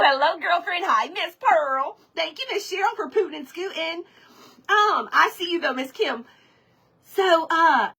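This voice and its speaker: A high-pitched, bright-toned woman chats casually on a live stream. She tells an animated story and keeps breaking off to greet viewers by name, full of y'alls. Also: low-quality recording. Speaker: livestream host. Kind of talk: casual storytelling while reading live comments.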